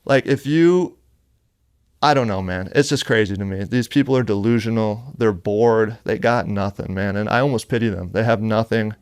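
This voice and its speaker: Brief: male horrorcore rapper guest, heated and foul-mouthed, smooth tone, dry close studio sound. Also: lowish voice, brisk, few pauses, dry recording. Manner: blunt, heavily profane, heated. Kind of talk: casual interview storytelling. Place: podcast studio.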